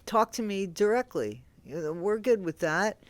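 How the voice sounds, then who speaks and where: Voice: medium pitch, expressive, normal speed, no room sound. A YouTube host in a casual commentary vlog, rambling and incredulous, talking straight to viewers with frequent restarts. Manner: rambling, conversational, restarts often.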